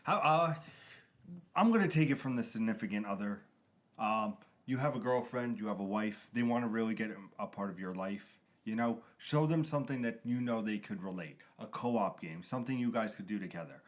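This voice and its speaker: A man's voice: fairly low pitch, expressive, a little fast. A man co-hosting a casual gaming chat, rambling through examples and acting out little quotes as he explains. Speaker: podcast co-host.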